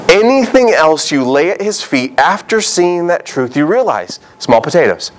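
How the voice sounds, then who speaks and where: A man preaching a sermon as a pastor, animated, with frequent rhetorical questions. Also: on the high side, normal speed, poor audio.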